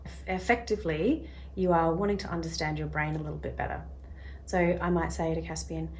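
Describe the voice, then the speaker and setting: Over slight background noise, a woman with a low, steady voice speaks fairly quickly while hosting a self-help video. Chatting casually to camera, she performs little quoted voices as she explains and now and then lowers to a soft, quiet tone.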